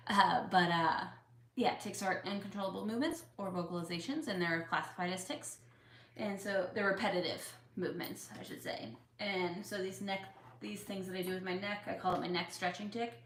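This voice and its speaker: A young woman with tics chats through a relaxed Q&A, talking in open, emotional runs full of ums and likes. Her voice sits at an everyday middle pitch. The room gives it a clear echo with a faint hum of ambience. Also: fairly quick. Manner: chatty, with fillers, openly emotional. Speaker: YouTuber answering viewer questions. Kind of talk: casual Q&A chat. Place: home room with a couch. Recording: echoey room.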